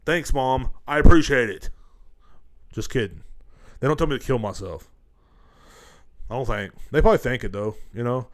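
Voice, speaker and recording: A man's voice: mid-range voice, normal speed, pauses often. Profane rambling male podcast host. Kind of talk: casual comedic rant. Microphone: studio headphones and mic.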